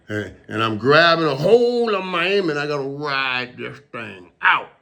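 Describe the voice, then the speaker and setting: Man, casual solo talk, rambling, emotional, mid pitch. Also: sing-song, normal speed, creaky, hardly any pauses, fairly bright tone. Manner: emotional, rambling, repeats words. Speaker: show host.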